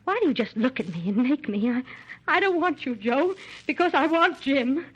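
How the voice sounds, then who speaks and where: A woman's voice: sits high, expressive, moderate pace, dull audio. An actress in a 1930s radio drama playing a volatile young woman in love, pleading and emotional. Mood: distraught. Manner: emotional and pleading, swinging between pleas and outbursts.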